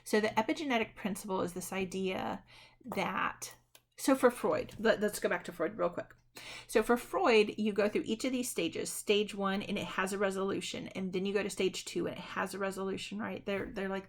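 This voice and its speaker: Casual lecturer, a woman with a gravelly edge who keeps checking in with her class. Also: medium pitch, steady tone, normal speed. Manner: conversational, self-correcting, says "right?" often. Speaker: college psychology instructor. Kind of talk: recorded online lecture.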